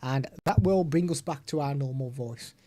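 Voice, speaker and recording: A man's voice: mid-range voice, moderate pace, warm tone. A man chatting casually while demoing audio gear on a desk mic. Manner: chatty, hands-on explaining. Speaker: tech reviewer. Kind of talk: product demo vlog. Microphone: desktop USB/XLR microphone.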